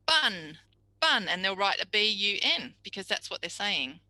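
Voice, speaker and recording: A woman's voice: mid-range voice, normal speed, pushed and bright, dry recording, low-quality recording. A woman teaching a speech pathology tutorial, chatty and explanatory, acting out examples. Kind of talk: recorded tutorial lecture.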